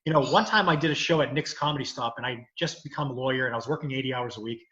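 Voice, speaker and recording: A comedian who is also a lawyer chats casually, rambling through stories and saying "you know" a lot among many filler phrases. His medium-pitched voice races along with a sharp tone, and the sound is roomy and lo-fi.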